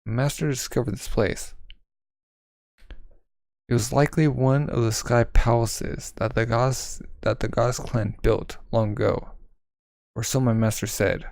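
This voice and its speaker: Gravelly man reading a manga aloud. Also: medium pitch, steady tone, a little slow, long pauses, a little mellow, dry recording. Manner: stumbling, commenting with fillers. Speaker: manga reader. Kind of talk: casual manga read-along narration.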